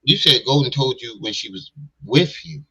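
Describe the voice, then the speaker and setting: Bright-voiced skeptical male commentator. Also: medium pitch, animated, moderate pace, husky, rough recording. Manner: blunt, skeptical, talks back at the clip. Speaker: livestream commentator. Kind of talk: casual reaction commentary.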